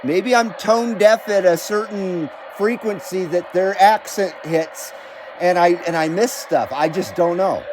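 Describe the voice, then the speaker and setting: An American man with a fairly high voice hosts a casual CB radio livestream from his radio room at home. He chats loosely, reads viewer comments aloud and swears now and then. A faint hiss of static sits under his voice. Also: a little slow.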